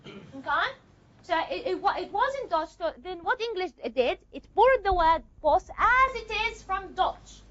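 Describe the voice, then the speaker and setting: A woman teaching a class in a very high, lively voice that rises and falls a great deal. She explains patiently and step by step, checking in with short questions. The recording is dull and lo-fi. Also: moderate pace. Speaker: language teacher. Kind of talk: classroom lecture.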